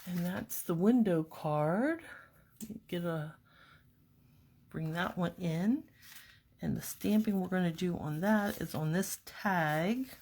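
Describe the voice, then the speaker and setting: A woman calmly narrating a card-making tutorial step by step, talking herself through each task as she works at her craft table. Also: fairly low pitch, slow, long pauses. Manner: calm, step-by-step, talks to herself while working. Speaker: papercraft demonstrator.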